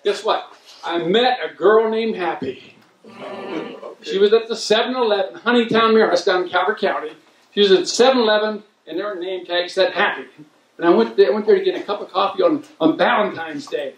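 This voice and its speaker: Casting: a man doing high-voiced Mid-comic, rambling self-mocking stand-up, roomy room. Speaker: stand-up comedian. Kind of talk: stand-up comedy set. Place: community event room. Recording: roomy hall, mic heard from a distance.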